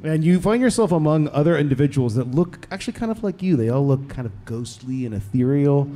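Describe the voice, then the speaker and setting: A man running a live tabletop game, narrating with a playful, joking manner. His voice sits a little high, and he sometimes stumbles over his words. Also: lively intonation, fairly quick, dark tone, soft background music. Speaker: game master.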